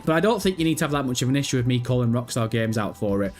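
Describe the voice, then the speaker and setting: A man's voice: medium pitch, animated, very fast, darkish tone. A young man hosting a gaming livestream, chatting casually, swearing and teasing viewers in chat. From Britain. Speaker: livestream host. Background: faint background music.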